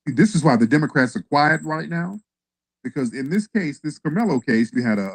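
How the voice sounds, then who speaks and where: A man's voice: medium pitch, no echo, poor audio. A man hosting a livestream, giving blunt, heated political opinions with plenty of profanity. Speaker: livestream show host.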